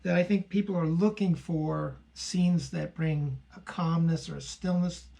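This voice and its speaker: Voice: mid-range voice, steady tone, measured pace, vocal fry, dark tone. An online postcard seller hosting a casual unboxing video, chatting and gushing over each card with frequent fillers.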